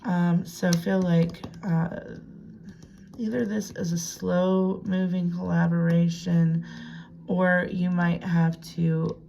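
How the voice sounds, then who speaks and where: Low, gravelly woman reading tarot. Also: muffled recording, slight background noise. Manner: chatty, self-talking, drifts into hushed whispers. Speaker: tarot reader. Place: home room with a piano desk.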